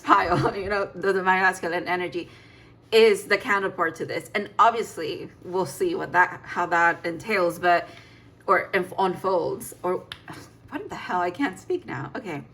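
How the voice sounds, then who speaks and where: A woman's voice: on the low side, moderate pace, a bit bright. A woman giving a casual tarot reading, chatty and emphatic, laughing and sighing as she talks. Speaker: tarot reader.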